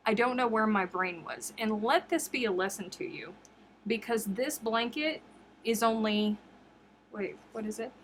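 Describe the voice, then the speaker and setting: A woman chatting casually on her crochet livestream, telling stories in a lively, chatty way. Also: normal speed, slight background noise. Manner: chatty storyteller, jumps high acting out quotes.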